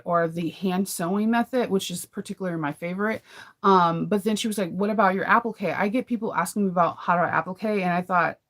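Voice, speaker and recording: A woman hosting a casual live chat with viewers about sewing, rambling and laughing often. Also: medium pitch. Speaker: sewing channel host.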